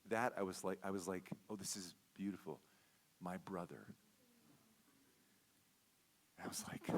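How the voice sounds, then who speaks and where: Low-voiced man telling a sermon story. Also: brisk. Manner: conversational, repeats words, checks in with "okay?". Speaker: guest speaker. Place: church sanctuary.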